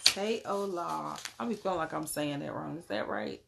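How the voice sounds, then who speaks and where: A young woman, giving an animated live tarot reading and greeting her viewers. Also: low-pitched, moderate pace, vocal fry, heavy background noise. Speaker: spiritual tarot card reader.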